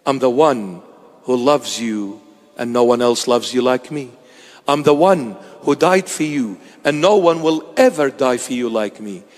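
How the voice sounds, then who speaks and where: A man speaking as a tender, loving divine figure who comforts a fallen believer, gently and with much repetition. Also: high voice, big-room sound.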